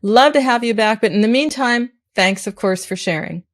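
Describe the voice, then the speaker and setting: A woman hosting an interview podcast, asking questions in a lively, chatty way. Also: a little high, moderate pace. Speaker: podcast host.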